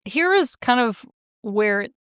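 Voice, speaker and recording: A woman co-hosting a podcast, retelling a TV series in casual, animated chat full of "like" asides. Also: a little high, a little slow, clean tone, no room sound, clean studio sound. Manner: animated storytelling with many "like" fillers. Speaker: podcast co-host. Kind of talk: casual chat recapping a TV show.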